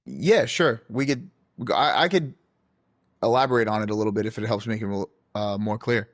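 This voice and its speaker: A man hosting a podcast interview, asking questions in a relaxed, plain conversational way. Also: fairly low pitch, a little fast, no echo, studio quality. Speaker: podcast host, marketer.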